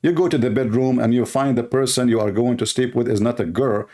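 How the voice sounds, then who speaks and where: A man's voice: mid-range voice, fairly even intonation, fast, dark tone. Mocking man ranting in loose English. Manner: mocking, sarcastic, insulting; loose, non-native English grammar. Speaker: religious critic answering a video. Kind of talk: ranting video commentary.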